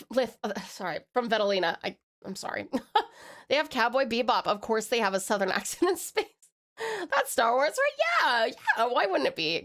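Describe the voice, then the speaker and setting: Giggly aussie woman rambling on stream, kinda high voice, bit hoarse. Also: a bit bright. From Australia. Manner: rambling, giggly, loopy, with many fillers and restarts. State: slightly hoarse throat. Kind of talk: casual live-stream chat reading viewer messages.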